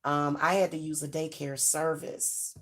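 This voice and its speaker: A middle-aged channel host talks to camera with frank, casual advice for parents, her chatty delivery packed with fillers and restarts. Her voice is low-pitched and level-toned, at a measured pace.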